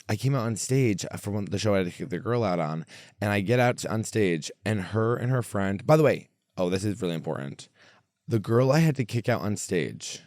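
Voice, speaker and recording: A man's voice: fairly low pitch, no room sound, studio quality. A young man who hosts a comedy podcast, telling stories in a loose, rambling way full of fillers and restarts. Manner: rambling, animated, lots of fillers and self-interruptions. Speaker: podcast host and stand-up comedian. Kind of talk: casual storytelling chat.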